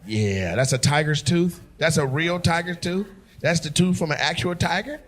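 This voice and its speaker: A man's voice: a little high, moderate pace, a bit bright. A middle-aged man, a stand-up comedian doing crowd work on stage, brash, teasing and profane with the audience. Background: audience laughter.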